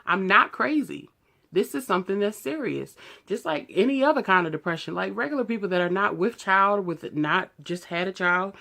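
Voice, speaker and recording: A woman in her thirties tells a personal story straight to the camera, emotional and blunt. Her voice sits at an everyday middle pitch, and her speech is loose and casual, full of fillers. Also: fairly bright tone. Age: 30s. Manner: emotional, raw and outspoken. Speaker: vlogger.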